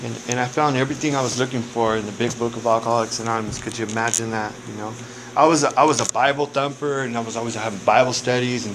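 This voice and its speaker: A man shares his recovery story in a frank, casual, conversational way and swears freely. His pitch sits in the middle for a man. Steady background noise runs under the recording. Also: fast. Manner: candid, profane, conversational. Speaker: recovery speaker. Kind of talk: personal recovery testimony. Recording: noisy recording.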